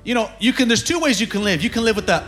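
A man preaching a sermon to his church, energetic and rising into shouts, calling to the congregation. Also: very high-pitched, racing, soft background music. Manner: energetic preaching, bursts of shouting, call-and-response. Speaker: pastor. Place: church sanctuary.

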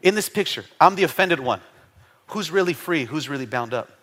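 A man's voice: fairly high pitch, brisk. A middle-aged male pastor preaching a sermon in church, joking with the congregation and calling for responses. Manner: animated, playful preaching with jokes and call-and-response. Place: church sanctuary.

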